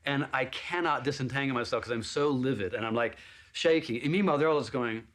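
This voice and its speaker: Fast and slightly bright, a man's voice carries an animated audition story. He plays the other characters himself, jumping widely in pitch for their lines.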